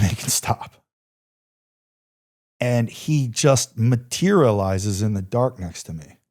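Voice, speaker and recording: A man's voice: fairly low pitch, darkish tone. A middle-aged man, a former soldier, telling a war story in a podcast interview with intense, emphatic delivery and blunt swearing. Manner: intense, emphatic, repeats phrases, swears freely. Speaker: podcast guest, former Army Ranger.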